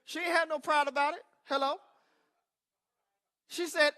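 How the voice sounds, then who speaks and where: A male pastor preaching a sermon with emphatic call-and-response asides, swinging between loud declarations and quiet remarks. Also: extremely high pitch, steady tone, measured pace.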